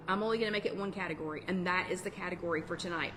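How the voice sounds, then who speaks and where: A woman's voice: fairly low pitch, fast, hardly any pauses, noisy background. A woman hosting a casual live-stream chat, talking in a chatty, digressive way and answering viewers' comments. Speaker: host of a weight-loss support chat.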